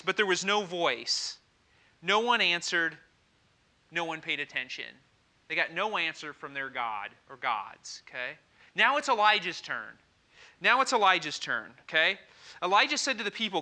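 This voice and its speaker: A man preaching a sermon as pastor, retelling a story in a lively way with frequent asides to the congregation. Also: high voice.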